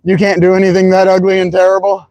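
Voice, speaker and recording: A man's voice: high voice, monotone, fast, a little mellow, no echo, low-quality recording. A man streaming, chatting casually and loosely, swearing as he muses aloud. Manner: loose and profane, musing aloud. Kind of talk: casual chat.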